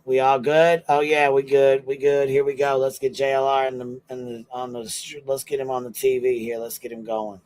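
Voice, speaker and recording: A man's voice: medium pitch, level tone, normal speed, hardly any pauses, a little mellow, low-quality recording. A man hosting a casual livestream, checking in with viewers in slangy, repetitive talk. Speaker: livestream host.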